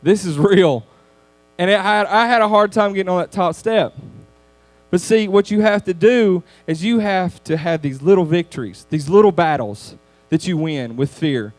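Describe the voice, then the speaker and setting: A man delivers a youth sermon in a high-pitched voice, casual and animated as he tells his stories. The sound is dry and close, with no room echo. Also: moderate pace. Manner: conversational, animated storytelling with laughs. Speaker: youth speaker.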